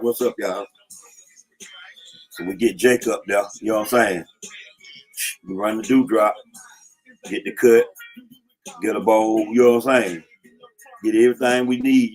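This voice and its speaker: This is a lowish, slightly mellow male voice: a middle-aged man from Atlanta, USA, sitting in a car and casually sharing old street stories. He speaks in slang and often says "you know what I'm saying."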